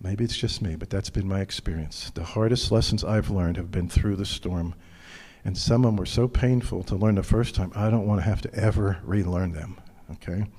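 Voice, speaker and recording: A male pastor preaching a sermon in an earnest, personal way, dropping his voice low when he speaks of his own struggles. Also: normal speed, warm tone, breathy edge, big-room sound.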